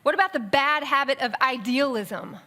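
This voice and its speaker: Woman preaching in church, higher voice, chatty and animated, speeds up then slows down for emphasis. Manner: conversational, animated with asides and quick bursts. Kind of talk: sermon. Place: church sanctuary.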